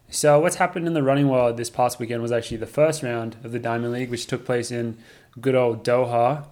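A young man hosting a casual podcast in a studio, joking and laughing easily as he talks. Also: mid-range voice. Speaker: podcast host.

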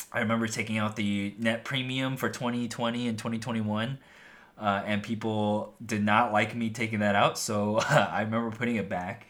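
A man's voice: fairly low pitch, fairly bright tone. A young man hosting his own podcast in casual, rambling talk full of "like" and "um", his voice a bit worn as he is losing it. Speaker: podcast host.

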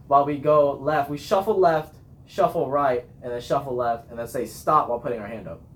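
A man's voice: medium pitch, a little fast. A young man, a marching band captain, chatting casually on a podcast, talkative and laughing often as he acts out his cheers.

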